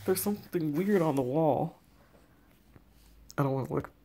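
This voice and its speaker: A woman reading the texts of a young woman hiding from a stalker, hushed and tense. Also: deep voice, moderate pace, a little hiss or hum. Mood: scared. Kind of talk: text story read aloud.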